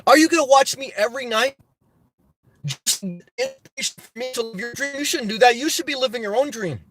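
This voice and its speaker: A man with a notably high voice talks to his livestream audience in a motivational, preachy style. He hammers his points home by repeating them and addressing listeners directly. The sound is close and dry. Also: fairly bright tone, no echo. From New Jersey. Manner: preachy, emphatic, repetitive exhortation. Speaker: livestream host.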